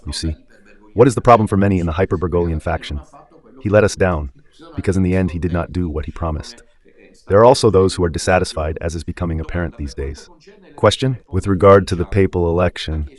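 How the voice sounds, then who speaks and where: A man with a low voice delivers a loose, rambling commentary for a Catholic radio station. He talks informally and keeps throwing rhetorical questions at the listener. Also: darkish tone. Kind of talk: casual spoken commentary.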